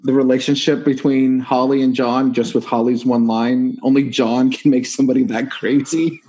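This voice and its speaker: A man's voice: medium pitch, flat delivery, moderate pace, dark tone, rough recording. Enthusiastic man quoting movie lines. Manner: enthusiastic, acts out film quotes. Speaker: podcast co-host. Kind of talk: casual movie chat.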